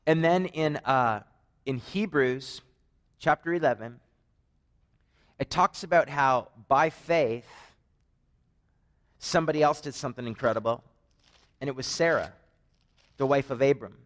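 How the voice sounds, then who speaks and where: A man's voice: medium pitch, a little slow, long pauses. A man with a Canadian accent preaches a conversational sermon, telling stories with joking asides. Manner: animated storytelling, joking asides.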